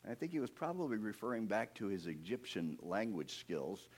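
A middle-aged man preaching a sermon with animated storytelling, swinging between soft, low asides and loud, emphatic passages. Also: a little fast, breathy edge. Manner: earnest, personal asides.

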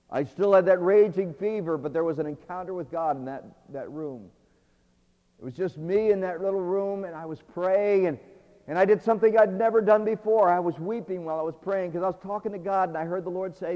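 A man giving a dramatic personal testimony sermon, swinging between loud pleading and hushed tones. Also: sits high, moderate pace. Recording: long hall reverb.

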